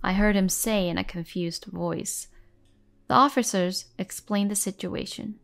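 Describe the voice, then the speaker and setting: A woman narrating a first-person drama story in an even, measured way over faint music. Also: medium pitch, creaky.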